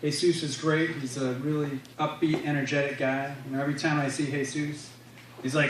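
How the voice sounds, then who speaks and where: Stand-up comic echoing through a club. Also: male voice, on the high side, fairly quick, a loud crowd. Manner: animated, playful storytelling. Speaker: stand-up comedian. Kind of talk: stand-up comedy set. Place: live comedy club stage. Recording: echoey club, distant mic, audience laughter. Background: audience laughter.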